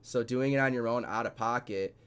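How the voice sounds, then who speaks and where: A man's voice: mid-range voice, brisk, a bit bright, clear, resonant tone. A man in a casual podcast chat, talking bluntly and rambling with plenty of swearing.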